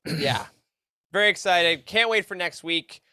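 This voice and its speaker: Upbeat podcast host guy, sharp bright tone, dry close sound. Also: high-pitched, a little slow, dry recording. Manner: upbeat, enthusiastic sign-offs. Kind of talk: casual chat and show outro.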